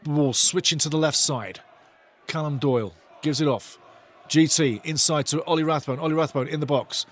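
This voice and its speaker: Chatty guy doing live footy commentary, excitable, voice sits a bit high. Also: moderate pace. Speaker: fan commentator hosting a live match watch-along.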